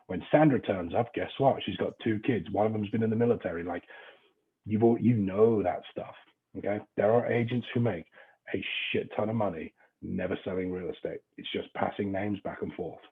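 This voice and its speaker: A man's voice: on the low side, normal speed, breathy edge, phone-quality sound. A man with an English accent leading a real estate training class in a chatty, informal way, swearing now and then. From England.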